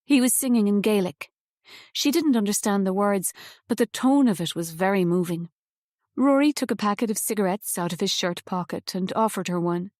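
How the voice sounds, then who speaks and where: A female audiobook narrator reads scripted text in a measured, even storytelling style. Her voice sits at a medium pitch, and the close studio recording is dry with no room sound.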